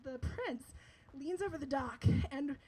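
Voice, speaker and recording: A woman's voice: high voice, animated, unhurried, slight background noise, poor audio. A young woman telling a personal story to an audience, chatty and laughing often, with lots of filler words.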